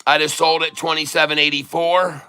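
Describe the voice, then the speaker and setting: Bright-voiced man telling rambling stories. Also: a little high, level tone, moderate pace, clear, resonant tone. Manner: rambling, chatty anecdote telling with many restarts. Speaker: livestream day trader and channel host. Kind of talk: casual livestream storytelling.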